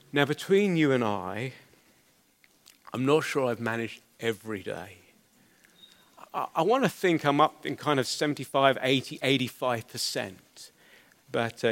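Middle-aged male pastor, earnest and conversational, voice on the higher side. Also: fairly bright tone. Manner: earnest, conversational, with small stammers. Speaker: preacher. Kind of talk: expository sermon.

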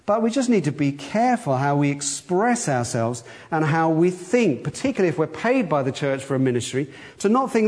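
A man's voice: fairly high pitch, very animated, fairly quick, few pauses, darkish tone. A middle-aged man, a church elder, giving a conversational sermon with wry humor and acted-out quotes.

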